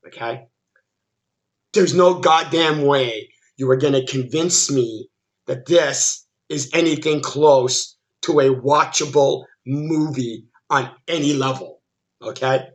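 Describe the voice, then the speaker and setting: Guy with a high bright voice tearing apart a movie, cussing and tripping over his words. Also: unhurried. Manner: exasperated, swearing, many stammered restarts. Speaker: film reviewer. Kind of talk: ranting movie review.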